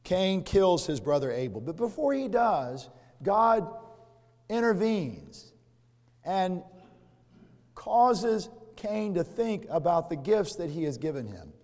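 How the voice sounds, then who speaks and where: A man delivers a sermon in a fairly high voice, his preaching swinging between forceful emphasis and hushed asides. He is recorded in a church sanctuary, and the long reverb of the hall trails after his words. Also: sing-song, slow. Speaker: pastor.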